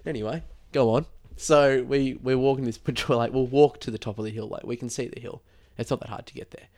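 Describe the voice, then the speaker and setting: A man's voice: mid-range voice, fairly even intonation, fairly quick, a little mellow. A man telling a long story in casual chat, rambling with many fillers and acting out quoted lines. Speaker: podcast host telling a story.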